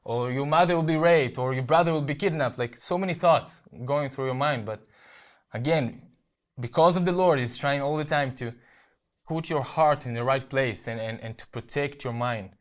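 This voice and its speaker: Earnest Israeli man telling his story. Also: mid-range voice. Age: young adult. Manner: earnest, halting, with frequent restarts and repeated words. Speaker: interview guest. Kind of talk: personal testimony in an interview.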